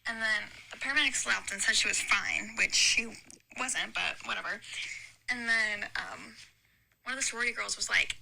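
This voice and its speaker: Bright, gravelly young woman telling a story. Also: a little high, normal speed, rough recording. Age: young adult. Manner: chatty, rambling story with many likes. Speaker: podcast guest. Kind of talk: casual storytelling.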